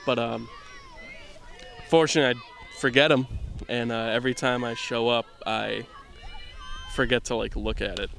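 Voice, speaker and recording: A man from the Boston area giving casual play-by-play commentary at a softball game outdoors, full of rambling, self-deprecating jokes. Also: mid-range voice, fairly even intonation, moderate pace, creaky, a crowd in the background.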